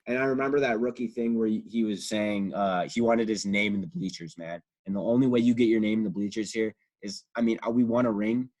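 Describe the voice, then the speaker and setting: A young man with a fairly low voice co-hosts a casual sports podcast. He rambles excitedly and swears freely. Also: a little fast, hardly any pauses. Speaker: podcast co-host.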